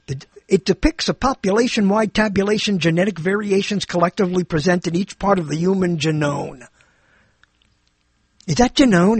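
An older man with a husky, fairly high voice delivers a rambling talk-show monologue. He is theatrical and digressive, circling back to repeat his phrases, and his voice sits dry and close on the mic. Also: no room sound. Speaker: radio show host.

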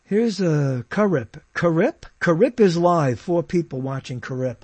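A man's voice: a little high, lively intonation, measured pace, darkish tone, husky, dry recording. A man giving bemused, off-the-cuff commentary as he browses live streams and reads the comments aloud.

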